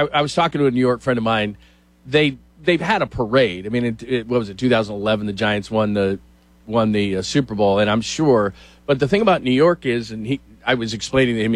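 A man's voice: medium pitch, dry recording. Chatty man talking sports, dry sound. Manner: chatty storyteller, animated asides. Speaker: sports talk show host. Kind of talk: casual sports talk.

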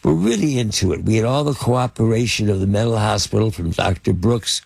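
Gravelly older man telling stories. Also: fairly low pitch, animated, a little mellow, no echo. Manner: halting, lots of fillers and restarts. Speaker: interview guest, film producer and actor. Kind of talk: anecdotal storytelling in conversation.

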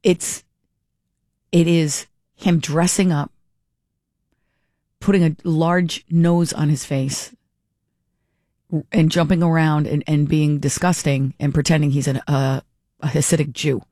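A woman's voice: sits low, fairly even intonation, takes it slowly, long pauses, mellow, dry recording, studio quality. A woman hosting talk radio, reading out listener texts and answering them bluntly and with strong opinions. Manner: blunt, opinionated, talks back to texters. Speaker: radio talk show host.

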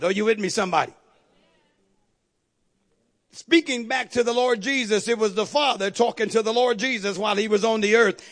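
A man's voice: very high-pitched, a bit bright. A male pastor preaching a sermon with call-and-response, building to emphatic outbursts.

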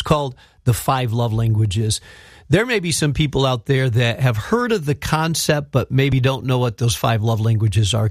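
A man hosting a radio interview, asking questions and pitching a book to listeners. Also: no echo, studio quality. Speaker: radio show host.

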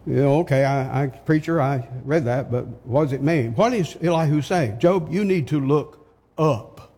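An older man preaching a sermon, slow and emphatic, asking his listeners rhetorical questions. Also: fairly high pitch, darkish tone, husky. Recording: long hall reverb.

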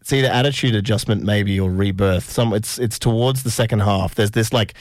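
A man's voice: lowish voice, a little fast, no echo, studio quality. A man hosting a casual interview, enthusiastic and sweary, full of restarts. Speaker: podcast host.

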